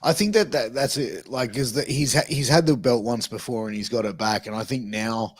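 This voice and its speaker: A man's voice: medium pitch, fairly quick, no room sound, studio quality. A man co-hosting a wrestling review podcast in casual chat, laid-back and swearing casually. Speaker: podcast co-host.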